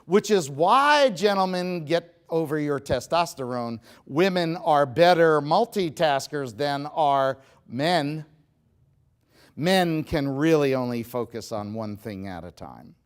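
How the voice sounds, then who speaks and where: A middle-aged man giving a humorous seminar talk to a live audience, animated and joking, speaking straight to the crowd. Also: on the high side. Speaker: motivational speaker.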